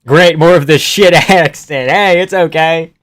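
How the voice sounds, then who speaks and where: A man's voice: on the high side, unhurried, a bit bright, no room sound. A male streamer giving casual live fight reactions and reading chat questions aloud, offhand and chuckling, swearing now and then.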